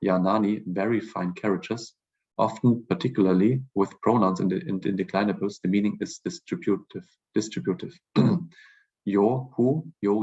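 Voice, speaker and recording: Husky man reading vocabulary in a lecture. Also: lowish voice, a little mellow, lo-fi sound. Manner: repeats each word slowly, then glosses it. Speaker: language teacher.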